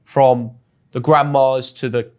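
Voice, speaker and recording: A man's voice: mid-range voice, slow pace. Chatty young English man. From England. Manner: chatty and animated, often restarts words. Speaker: guest, football influencer. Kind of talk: casual storytelling in an interview.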